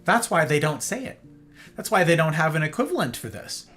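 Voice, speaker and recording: A man's voice: a little high, a little fast. American guy ranting on his stream, voice swinging up and down, bit of music under it. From United States. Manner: animated, keeps asking "right?" and "okay?". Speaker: host. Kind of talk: livestream monologue.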